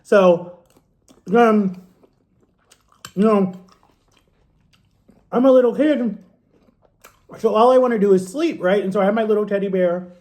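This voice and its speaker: Man, 30s, high mellow voice, casual animated storyteller for a vlog. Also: measured pace, pauses often. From Ohio, USA. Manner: animated, acts out quotes in a higher voice. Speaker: vlogger.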